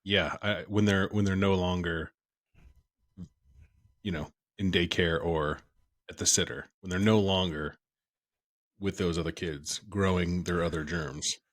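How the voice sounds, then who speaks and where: A man's voice: sits low, fairly even intonation, unhurried, long pauses. A man in his thirties co-hosting a podcast, chatting casually in a rambling, jokey way. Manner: rambling, jokey, trails off and restarts. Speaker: podcast co-host. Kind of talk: casual chat.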